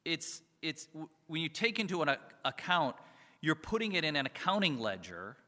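A man's voice: on the high side, big pitch swings, normal speed, sharp tone. A man giving a conversational sermon as a pastor, often chuckling and asking his listeners rhetorical questions. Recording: reverberant hall.

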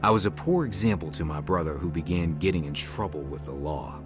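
A middle-aged man calmly narrating his own life story as a testimony. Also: a bass voice, a little fast. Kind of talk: testimony narration over music. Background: music.

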